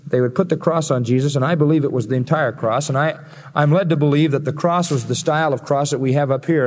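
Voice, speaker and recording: A man preaching a sermon as pastor, emphatic, building to loud peaks and slowing down to stress key words. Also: mid-range voice. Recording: long reverb of a large hall.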